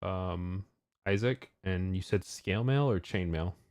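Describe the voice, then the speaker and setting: Low-voiced man tallying gear in a game. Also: a little slow, darkish tone, no room sound, studio quality. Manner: practical, works things out aloud. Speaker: player. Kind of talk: tabletop game play.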